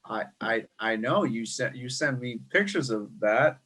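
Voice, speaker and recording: A man hosts a casual podcast chat and reacts eagerly to his guest. His pitch is mid-range and moves up and down a lot. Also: lively intonation, measured pace, a bit bright. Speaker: podcast host.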